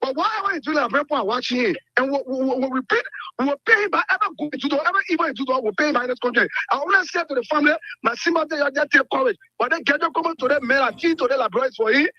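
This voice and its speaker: A man's voice: very high-pitched, animated, racing, pushed and bright, no echo. A man calling in to a radio show, talking in a rambling, insistent way. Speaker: caller. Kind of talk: call-in commentary. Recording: dull phone line.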